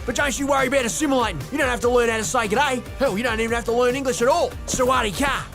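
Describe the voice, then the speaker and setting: A voice actor playing a brash Australian cartoon man in a satirical, mocking sales pitch, with an Australian accent. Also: racing, a bit bright, close to an everyday voice. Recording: music under the voice.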